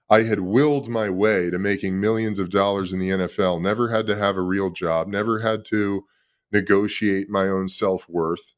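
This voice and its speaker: Deep-voiced man telling a candid story. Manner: emotional, confessional, swears freely. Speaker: podcast guest, former pro football player.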